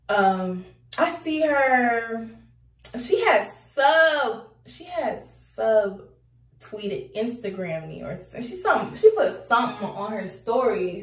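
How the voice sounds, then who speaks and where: A young woman telling a casual storytime, animated and slangy, laughing as she talks. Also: mid-range voice, distant mic. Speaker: vlogger. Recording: roomy echo, off-mic.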